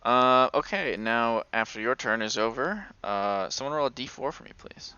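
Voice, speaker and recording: Bright-voiced young man running a tabletop game. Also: medium pitch, moderate pace, smooth, dry recording. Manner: laughs often, relaxed and chatty. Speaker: game master. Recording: dull lo-fi recording.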